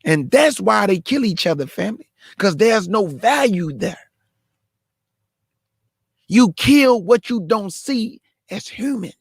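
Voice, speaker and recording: A man's voice: sits high, animated, slow, gravelly, slightly rough, no echo, clean studio sound. A male host delivering a preachy, repetitive monologue and addressing his listeners as family.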